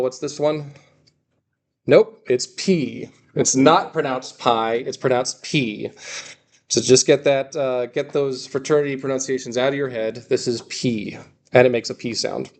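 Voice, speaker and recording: A man's voice: mid-range voice, a little mellow. Casual man teaching a class. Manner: casual, joking, self-correcting with many restarts. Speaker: Greek teacher. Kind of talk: classroom lecture.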